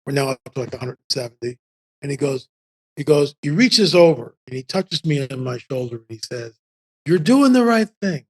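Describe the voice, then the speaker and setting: A man in his seventies, a podcast guest telling casual stories in an animated, rambling way full of restarts. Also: mid-range voice, fairly quick, slightly rough. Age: 70s. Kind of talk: casual storytelling.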